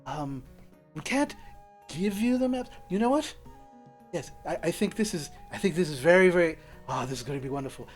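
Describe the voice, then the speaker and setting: A man voicing a fussy, excitable old archivist who stammers and turns shrill when alarmed. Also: brisk, faint music behind, close to an everyday voice. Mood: eager. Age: older.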